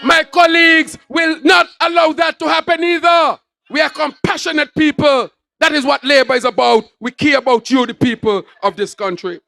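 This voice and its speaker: At an outdoor rally, a very high-voiced man with a Kittitian accent roars his lines, repeating short, punchy phrases in call-and-response style. Vocal fry runs through his delivery, and the recording has no echo.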